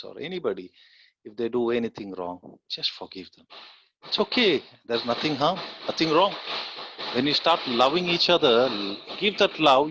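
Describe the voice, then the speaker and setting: A man's voice: on the low side, a bit bright, dry recording. A middle-aged man with an Indian English accent gives an earnest lecture with a personal story, often checking in with the listeners. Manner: earnest, often checks in with "okay?" and "you know". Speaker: guest lecturer. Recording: dull dry lo-fi audio.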